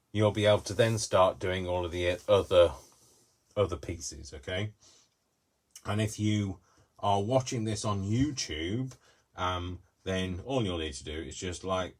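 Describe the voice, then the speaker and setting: A man hosting a live craft tutorial in a small craft room, rambling with jokey, self-deprecating asides. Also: sits low.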